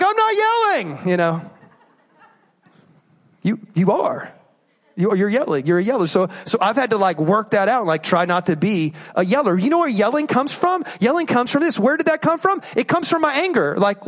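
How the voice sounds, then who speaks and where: A man preaching a sermon, asking rhetorical questions and acting out inner voices. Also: extremely high pitch. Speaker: pastor.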